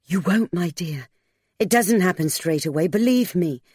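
A desperate older gentleman, urgent and pleading, voiced with little change from the narrator's own tone, as a woman narrator plays him. The recording is dry and close. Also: on the low side, expressive, moderate pace, breathy edge, no room sound. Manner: urgent, groaning, intense. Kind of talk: audiobook character voice.

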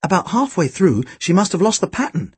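A man narrating a first-person audiobook, with a lively, wry delivery and deadpan asides. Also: high-pitched, a little fast, slightly rough, dry recording.

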